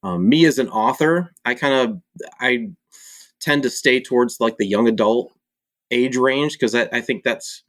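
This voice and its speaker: Relaxed man, author talking with ums. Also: medium pitch, measured pace, dry recording. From Michigan, USA. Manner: relaxed, hesitant, frequent ums. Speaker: podcast guest, author and publisher. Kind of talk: casual conversation.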